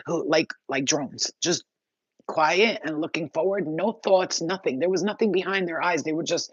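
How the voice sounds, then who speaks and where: A woman's voice: sits low, normal speed, husky, no room sound. A woman giving a spiritual message monologue, intense and blunt, swearing freely as she talks. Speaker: spiritual reader. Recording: dull, dry lo-fi sound.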